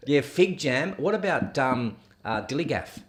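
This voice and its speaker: A man's voice: medium pitch, very animated, unhurried. A man hosting a casual podcast interview, talking in a teasing, jokey way. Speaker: podcast host.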